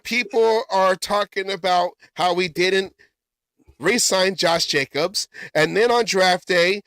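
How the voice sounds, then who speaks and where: A man's voice: sits high, takes it slowly, fairly bright tone, clear, resonant tone, no echo. Man, sports podcast host, rambling talk, stumbles and restarts, dry close sound. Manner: rambling, stumbles and corrects himself.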